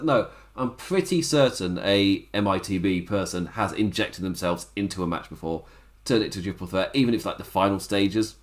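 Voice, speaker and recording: A man, hosting a podcast and giving a casual, rambling wrestling recap, laughing often. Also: fairly low pitch. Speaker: podcast host.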